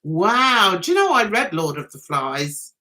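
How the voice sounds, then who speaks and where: Woman, middle-aged, british, live-stream chat, giggly, lively sing-song pitch, unhurried delivery. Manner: giggly, chatty, often laughs at herself. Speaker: vlogger hosting a live chat. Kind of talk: casual live-stream chat reading comments.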